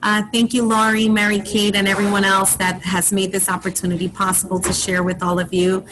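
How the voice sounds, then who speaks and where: A woman restaurant owner speaking on a panel about her background in an even, level way. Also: mid-range voice, fairly quick, background noise. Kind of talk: panel talk on a video call.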